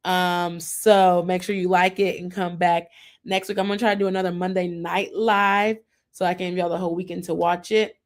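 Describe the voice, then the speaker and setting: A woman's voice: lowish voice, level tone, moderate pace. A young adult woman hosting a casual TV recap show, talking in a chatty, rambling way and mimicking the people she describes. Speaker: podcast host.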